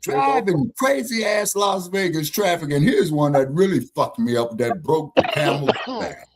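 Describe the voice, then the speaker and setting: A man's voice: fairly high pitch, unhurried. A man hosting a live online talk show, telling a rambling, profane story and acting out both sides of the arguments. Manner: animated, swearing, acts out both sides of arguments. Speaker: show host.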